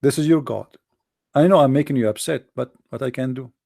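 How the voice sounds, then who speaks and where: A man's voice: medium pitch, a little fast, gravelly, warm tone, no echo. A man on a live stream, talking sarcastically and taunting his opponents as he addresses them directly. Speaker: religious debate streamer. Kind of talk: mocking live-stream polemic.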